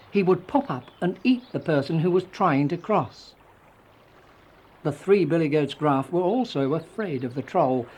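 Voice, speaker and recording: A reader narrating a children's fairy tale in a gentle, storybook telling. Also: mid-range voice, husky.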